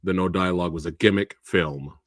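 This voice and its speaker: A man hosting a live movie review, talking in a casual, animated way and slipping into exaggerated quoted voices. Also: low-pitched, a little fast, no room sound, clean studio sound. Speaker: host of a movie review show.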